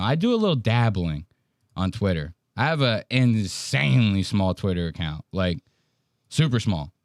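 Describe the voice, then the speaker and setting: A man's voice: medium pitch, no echo, studio quality. A man hosting a casual podcast, telling a story in a profane, mocking way. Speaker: podcast host.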